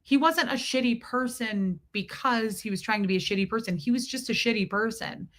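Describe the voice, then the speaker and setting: A woman's voice: a little high, a little fast, fairly bright tone. A woman in her forties hosting a casual livestream, rambling and thanking viewers by name as she talks. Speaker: livestream host.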